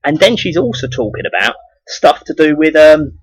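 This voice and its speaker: A man's voice: fairly high pitch, sing-song, normal speed, no room sound, poor audio. A man with a southeast English accent delivering a rambling, profane ranting monologue for his video blog, full of repeated restarts. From southeast England. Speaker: video blogger.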